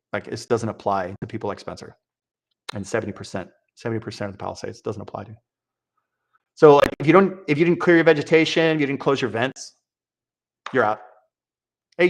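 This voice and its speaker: A man giving sarcastic, exasperated political commentary, mocking what he reads aloud. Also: mid-range voice. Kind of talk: opinion commentary.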